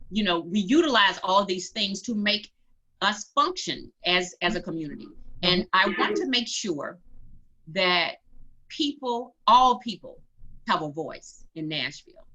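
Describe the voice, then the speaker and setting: A woman's voice: on the low side, bright, forceful tone. A woman running for office, telling her story earnestly in an interview, with emphatic repeats. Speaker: political candidate. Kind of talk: interview conversation. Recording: dull lo-fi sound.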